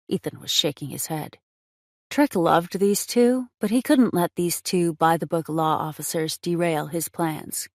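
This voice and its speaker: A woman narrating a romance audiobook in a measured, expressive reading on a close mic. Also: sits low, vocal fry, dry recording.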